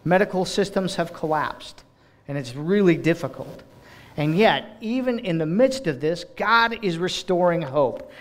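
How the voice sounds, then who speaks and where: A man preaching a sermon about ministry, expressive, acting out quoted voices and often restarting phrases. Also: a little high, a little slow. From United States. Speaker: director of global partnerships speaking in church.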